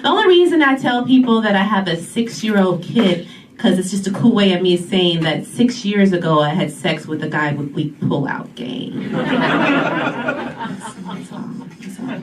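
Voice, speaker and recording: A woman's voice: medium pitch, lively intonation, unhurried, recorded from a distance, background noise. A brash woman in her forties doing a stand-up comedy set, calling the audience y'all. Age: 40s. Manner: brash, sassy, addresses crowd as y'all. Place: comedy club stage. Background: loud audience laughter.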